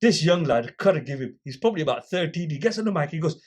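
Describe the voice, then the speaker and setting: A man's voice: fairly high pitch, fast talker. A man guest on a podcast, casually telling a story and acting out the people in it. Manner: animated storyteller acting out quoted exchanges.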